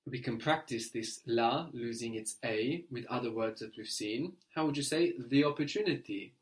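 A man's voice: mid-range voice, normal speed. A man teaching a language lesson, patiently prompting and correcting a learner.

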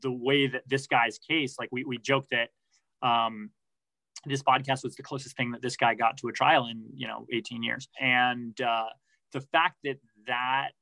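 A man's voice: mid-range voice, flat delivery, normal speed, creaky, sharp tone, no room sound, poor audio. A man answering interview questions about his reporting, thoughtful, with many restarts and fillers. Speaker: podcast reporter, guest.

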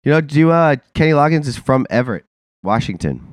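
A man's voice: fairly high pitch, very animated, a little fast, no room sound, clean studio sound. A man with a congested, nasal voice from a sinus infection, co-hosting a casual podcast chat, rambling with lots of fillers and laughs. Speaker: podcast co-host.

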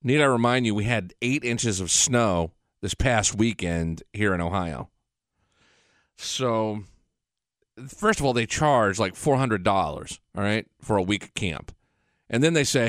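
Speaking unhurriedly, a male radio host with a fairly low, slightly bright voice and lively intonation rambles through a profane, loose monologue. It's recorded dry and close on a radio studio mic.

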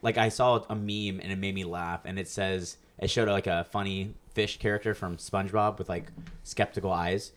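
A young man with a fairly low voice co-hosts a casual podcast. He tells stories with energy, jumps into raised voices to act out what people said, and swears freely. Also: normal speed. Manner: animated storyteller, acts out quotes in raised voices, swears freely. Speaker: podcast co-host. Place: California.

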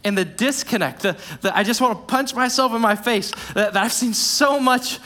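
A young man preaching with a notably high voice. He is earnest and repeats phrases for emphasis. For key lines he sinks into a quiet, low hush. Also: normal speed. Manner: earnest, repetitive emphasis, drops to a hushed low voice for key points. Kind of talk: sermon.

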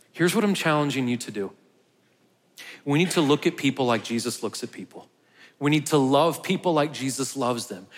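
A man, a pastor, giving a conversational sermon and telling a personal story with quoted dialogue. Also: medium pitch. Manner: conversational, tells stories with quoted dialogue and laughs. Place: church sanctuary. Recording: long hall reverb.

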